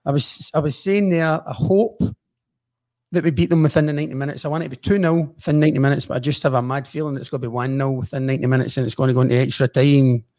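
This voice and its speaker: Fast-talking Scottish football pundit. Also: male voice, mid-range voice, steady tone, darkish tone. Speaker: podcast co-host. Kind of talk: casual chat.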